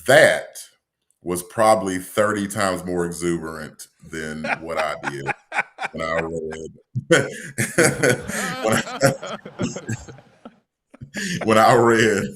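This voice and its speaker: A man's voice: fairly low pitch, fairly bright tone. A man co-hosting a casual sports podcast, telling stories in a dry, wry and exasperated way. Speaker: podcast co-host.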